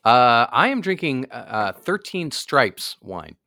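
A man's voice: mid-range voice, big pitch swings, takes it slowly, bright, forceful tone, no echo, clean studio sound. A man in his fifties, a podcast guest in casual chat, joking and brash with many fillers.

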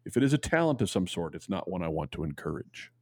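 A man's voice: sits low, very animated, fast, no echo. A man co-hosting a talk show, reading a listener's letter aloud and telling stories, earnest, with stammers when he ad-libs. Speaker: podcast co-host.

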